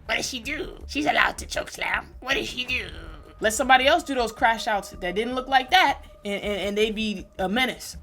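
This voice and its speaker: A woman hosting a sports reaction stream, talking casually in slang and swinging between loud outbursts and low mutters. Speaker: sports reaction channel host. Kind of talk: casual live reaction commentary.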